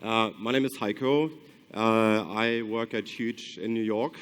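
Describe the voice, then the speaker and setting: A man's voice: fairly low pitch, steady tone, measured pace, fairly bright tone, clean tone. A man from Germany with a German accent tinged with Australian, giving a conference talk and often hesitating with ums and restarts. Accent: German with some Australian. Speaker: conference speaker. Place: conference hall.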